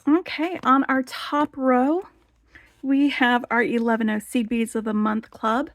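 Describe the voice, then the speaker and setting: A woman's voice: fairly high pitch, fairly even intonation, measured pace, no room sound. A woman hosting a casual show-and-tell vlog, chatty and enthusiastic, with lots of "like" fillers. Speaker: beading channel host.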